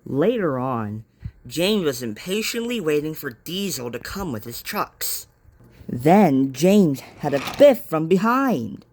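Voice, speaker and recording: A man's voice: a little high, very animated, takes it slowly, darkish tone. Man reading a homemade train story. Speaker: narrator. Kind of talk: amateur storybook narration.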